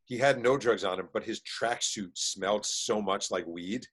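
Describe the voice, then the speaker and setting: A man, an author and interview guest, telling stories in casual chat with quick bursts and lots of fillers. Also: on the low side, breathy edge. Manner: animated storyteller, quick bursts, many fillers.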